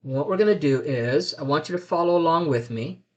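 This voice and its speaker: Man, high voice, coaching tone, walks through exercises, repeats affirmations, webcam audio. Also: brisk, darkish tone, muffled recording. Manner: instructive, repeats affirmations aloud. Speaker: self-development coach. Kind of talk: live online class.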